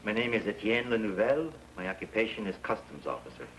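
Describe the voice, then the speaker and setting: A courteous French-Canadian customs officer answering questions in court, his accent plain and his voice very deep. He speaks politely and explains things patiently. Old TV drama sound with a faint hiss. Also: animated, quick pace, fairly bright tone, low-quality recording. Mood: earnest.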